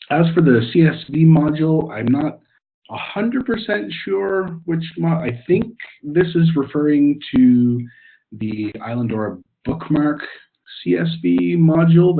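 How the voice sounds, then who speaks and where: A man answering audience questions in a webinar, explaining in an informal, thinking-aloud way with frequent ums and uhs. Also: fairly high pitch. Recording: tinny phone-like webinar audio.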